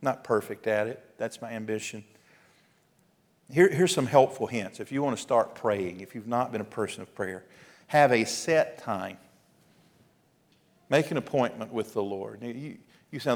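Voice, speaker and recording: A man, a pastor preaching an earnest, exhorting sermon with emphatic pauses. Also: mid-range voice. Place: church sanctuary. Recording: long hall reverb.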